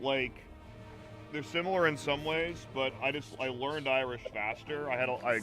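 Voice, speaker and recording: Bright-voiced rambling male streamer. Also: mid-range voice, fairly even intonation, normal speed, faint music behind. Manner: rambling, profane, many restarts. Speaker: voice actor and streamer. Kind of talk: casual gaming stream chat.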